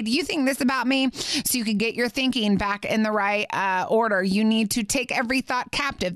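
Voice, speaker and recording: A woman's voice: mid-range voice, clean tone, no room sound, clean studio sound. A woman hosting a Bible teaching podcast, reading scripture aloud and breaking in with chatty, playful asides. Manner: chatty and animated, with playful asides between verses.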